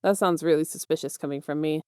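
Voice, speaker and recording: A woman's voice: low-pitched, fairly even intonation, fast talker, mellow, clear, resonant tone, dry recording, clean studio sound, close to an everyday voice. Woman playing a smug, teasing male villain. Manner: teasing, self-assured, chummy.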